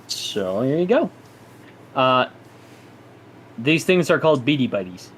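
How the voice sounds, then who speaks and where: A man puts on an awkward uncle for a tabletop game, halting and fumbling with his fillers. The voice sits at an ordinary middle pitch. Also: big pitch swings, a bit bright, husky, exaggerated voice. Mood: fumbling, sheepish.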